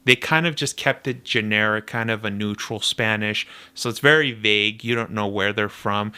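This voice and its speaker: A young man casually commenting on a game trailer, animated and nitpicky, laughing often as he talks. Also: on the low side, normal speed, clear, resonant tone. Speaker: video reactor.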